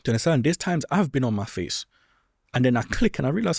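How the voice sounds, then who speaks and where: A man's voice: mid-range voice, big pitch swings, fast, vocal fry, no room sound, studio quality. Blunt man lecturing his listeners. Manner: blunt, lecturing, keeps asking "do you understand?". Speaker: podcast host. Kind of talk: solo advice monologue.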